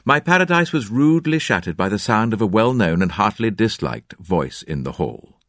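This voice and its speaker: A low-voiced man narrates a classic mystery with a highly animated, dramatic delivery. His pitch swings widely from line to line. The recording is dry and close. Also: normal speed, no room sound. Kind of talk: audiobook narration.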